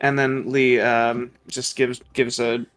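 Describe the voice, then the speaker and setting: A man's voice: medium pitch, flat delivery, slow pace, a bit bright. A man playing a tabletop game, talking casually and hesitantly. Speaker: player.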